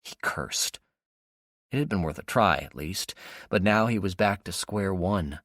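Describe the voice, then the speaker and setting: A man reading an audiobook in a steady, even storytelling manner. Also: low-pitched, moderate pace, no echo, studio quality. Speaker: audiobook narrator. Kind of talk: scripted audiobook narration.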